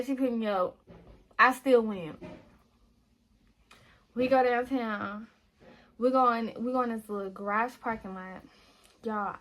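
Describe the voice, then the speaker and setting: A young woman tells a personal story in a relaxed vlog chat, her voice sitting a little high. She talks animatedly, restarting sentences and calling out to viewers as she goes. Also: rough recording. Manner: animated testimony, addresses viewers as y'all, many restarts. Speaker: lifestyle vlogger. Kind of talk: casual storytelling while getting ready.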